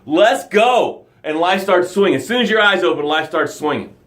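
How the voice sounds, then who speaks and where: At a quick pace, a middle-aged man hosts a motivational live show and reads his viewers' comments aloud. He swings back and forth between loud, dramatic pushes and soft, quiet dips.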